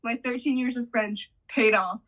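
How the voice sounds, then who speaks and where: Friendly young woman interviewer, higher voice. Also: fairly even intonation, normal speed, a bit bright, rough recording. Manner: friendly, agreeable, giggly. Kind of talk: casual interview chat.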